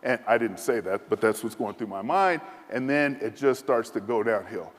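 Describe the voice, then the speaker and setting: A man in his fifties giving a speech as a military leader, telling a self-deprecating anecdote in a lively way from a podium in a large hall. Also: on the low side, moderate pace. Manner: lively, self-deprecating storyteller who acts out quoted voices. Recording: echoey hall.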